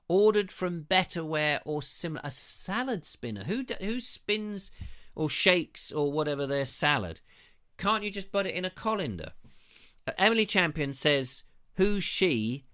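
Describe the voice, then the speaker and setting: A man's voice: fairly high pitch, pushed and bright. A man hosting a live online show on a lavalier mic, reading out viewer comments in a chatty, jokey way. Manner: chatty and jokey, reads comments aloud with quips.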